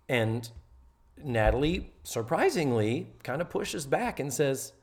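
A chatty male podcast host recapping a TV episode with plenty of expression. His pitch sits mid-range but moves a lot. He keeps the talk casual and animated. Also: takes it slowly.

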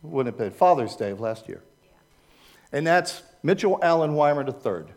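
Speaking at a moderate pace in a fairly high, expressive voice with a darkish tone, this older man from the United States has a Maryland accent. He's presenting slides to a church group in a casual, digressive way, often checking whether the audience agrees.

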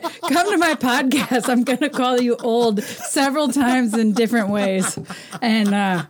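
A woman's voice: on the high side, a little slow. A woman in her forties chatting casually as a podcast guest, teasing and laughing often. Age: 40s. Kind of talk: casual chat.

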